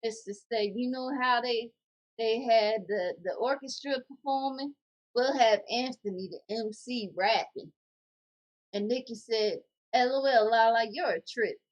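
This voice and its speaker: A woman co-hosting a casual podcast, reading viewer comments aloud in a jokey, animated way. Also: on the high side, a little slow, highs cut off.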